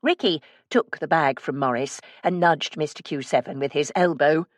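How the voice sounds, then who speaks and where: A woman narrating a first-person cozy mystery audiobook in a measured storytelling manner. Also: sits low, no echo, studio quality.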